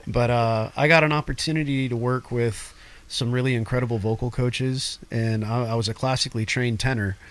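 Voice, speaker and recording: Male guest vocalist, mid-pitched, talkative and laughing easily; casual interview. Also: a little fast. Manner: laughs often, animated and talkative.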